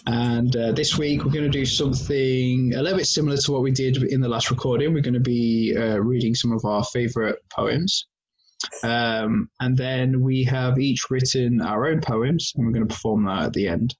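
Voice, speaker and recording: A man hosting a poetry show, relaxed and a bit hesitant, speaking over an online call. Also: mid-range voice, moderate pace, muffled recording. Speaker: host. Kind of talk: casual chat.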